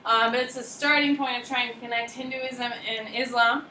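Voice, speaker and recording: A woman's voice: on the high side, steady tone, moderate pace, pushed and bright, roomy sound, slight background noise, low-quality recording. A woman teaching a lecture class, chatty and self-deprecating, often asking the class questions.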